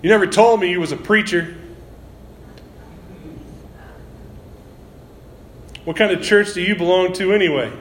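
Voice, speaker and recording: A man voicing a gruff, blunt middle-aged male diner cook. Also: sits high, fast, fairly bright tone, slight background noise. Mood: suspicious. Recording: roomy echo.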